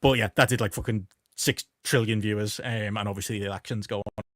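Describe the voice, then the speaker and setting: A man's voice: lowish voice, steady tone, fast, a bit bright, no room sound, studio quality. A man co-hosting a casual wrestling podcast, rambling through the news with lots of fillers and restarts. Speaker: podcast co-host.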